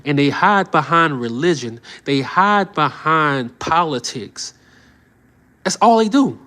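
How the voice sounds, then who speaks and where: A man's voice: on the high side, lively intonation, slow, bright, forceful tone. A man commenting on the news on a live stream, heated and preachy, who often repeats short phrases for emphasis.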